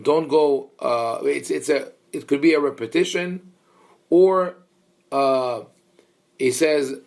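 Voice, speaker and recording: A man's voice: fairly high pitch, slow, vocal fry. A man, a rabbi, leading a Bible study lecture in a thoughtful, explanatory way, with many fillers and restarts and questions to his listeners. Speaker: rabbi teaching a class.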